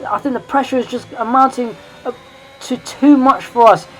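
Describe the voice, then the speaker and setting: Give me an excitable woman commentating a race game. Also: a little high, normal speed, slight background noise, low-quality recording. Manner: excitable, rising and louder in tense moments; chatty, self-correcting asides. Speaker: sim racing video creator.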